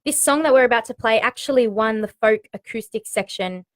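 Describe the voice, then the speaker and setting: A woman's voice: fairly high pitch, brisk. A woman from Australia co-hosting a radio chat, teasing her co-host and introducing songs. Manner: chatty, teasing interjections. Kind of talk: casual chat.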